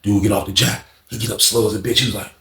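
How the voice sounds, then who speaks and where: A young man casually telling a storytime monologue, animated, dropping to low mutters and jumping up to loud shouts when he quotes people. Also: fast, gravelly. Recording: echoey room.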